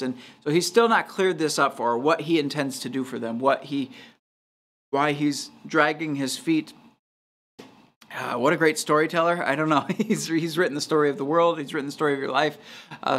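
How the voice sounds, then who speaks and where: A man, a pastor, leading a casual Bible study, reading scripture aloud and thinking out loud with frequent restarts and small chuckles. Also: fairly high pitch. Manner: reads scripture aloud at a steady clip.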